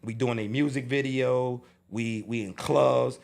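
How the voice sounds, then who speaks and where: A man with a New York accent telling a story in a casual interview, swinging from low mutters to loud outbursts. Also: steady tone, unhurried, vocal fry. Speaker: interview guest.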